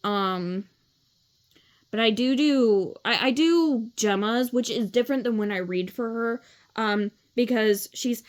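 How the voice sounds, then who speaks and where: A woman's voice: a little high, takes it slowly. A woman casually reading a children's book aloud, swearing now and then and filling with "like". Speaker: reader.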